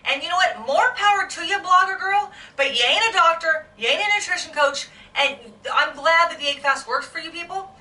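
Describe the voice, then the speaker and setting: Woman vlogger, high bright voice, heated emotional rant, echoey room, mic a bit distant. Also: brisk, hardly any pauses. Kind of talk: angry unedited vlog rant.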